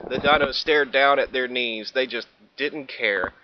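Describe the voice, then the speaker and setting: A man's voice: mid-range voice, a little slow, slight background noise. A man reading a children's storybook aloud for a class, telling it with expression and small stumbles, in a dull lo-fi recording. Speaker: student reader.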